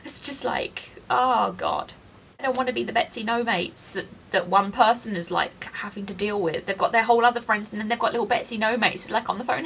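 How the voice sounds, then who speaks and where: A woman's voice: mid-range voice, a little fast, gravelly, a bit bright, slight background noise. A woman in her late thirties, crying as she confides in a personal video diary, self-deprecating and frank. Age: 30s. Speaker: vlogger.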